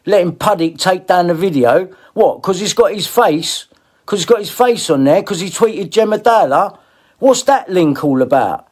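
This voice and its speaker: A man's voice: fairly high pitch, a little mellow. A middle-aged man ranting at people in a confrontational, swearing monologue, repeating himself. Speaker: video blogger.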